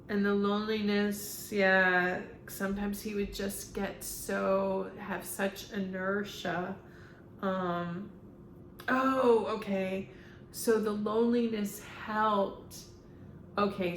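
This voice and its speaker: A woman working as a spiritual medium, talking through a channeling session in a halting way with many ums as she relays what a spirit tells her. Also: medium pitch. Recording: echoey room, faint background hum.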